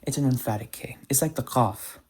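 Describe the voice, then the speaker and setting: A man teaching pronunciation, talking slowly and carefully, repeating example words and correcting himself as he goes. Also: mid-range voice, a little mellow, husky. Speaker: language teacher. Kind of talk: explaining pronunciation to camera.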